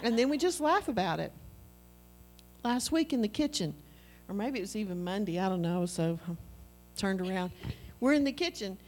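A middle-aged woman preaching a sermon in an animated, conversational way, acting out little dialogues with her husband. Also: mid-range voice, normal speed, pauses often, a little hiss or hum.

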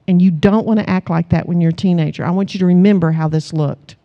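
A woman's voice: on the low side, quick pace, dull audio. A middle-aged woman preaching a sermon, telling family stories with laughter and calling the congregation to answer amen. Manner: animated storytelling, calls the congregation for amens; laughs often as she tells stories.

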